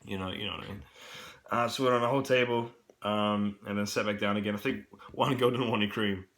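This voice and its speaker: A man's voice: lowish voice, steady tone, quick pace, fairly bright tone. A young man with a New Zealand accent, rambling casually and swearing often in a vlog, with a cough from a cold. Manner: rambling, swears a lot, many fillers. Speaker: camp worker vlogging.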